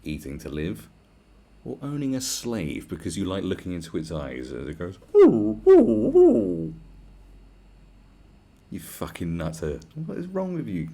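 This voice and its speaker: Man, extremely low voice, gravelly fry, crude sarcastic rambling podcast rant. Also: sing-song, moderate pace, darkish tone. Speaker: podcast host. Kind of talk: profane solo rant.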